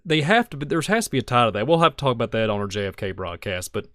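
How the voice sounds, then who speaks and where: Excitable rambling man, dry close mic. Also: mid-range voice, rapid-fire, dry recording. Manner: rambling, excitable, many restarts and quoted lines. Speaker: podcast co-host. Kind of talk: casual film-analysis chat.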